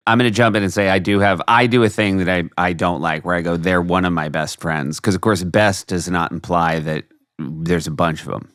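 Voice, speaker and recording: A middle-aged man co-hosting a podcast, chatting casually with quick jokes and rambling asides. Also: sits low, steady tone, fairly bright tone, smooth, dry recording, clean studio sound. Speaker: podcast co-host. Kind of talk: casual chat.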